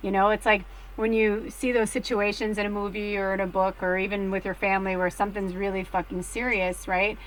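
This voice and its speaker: A middle-aged woman reading tarot cards in a casual, rambling chat, full of fillers, swinging between hushed and excited. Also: medium pitch, fairly quick, few pauses, a little hiss or hum, rough recording. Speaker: tarot card reader.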